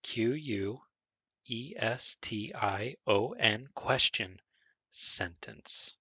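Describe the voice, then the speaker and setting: A man teaches a beginner English grammar lesson over a screen recording, speaking slowly and deliberately, spelling words out and emphasizing question intonation. His mid-range voice is husky and sharp with lively intonation, and there's no room sound.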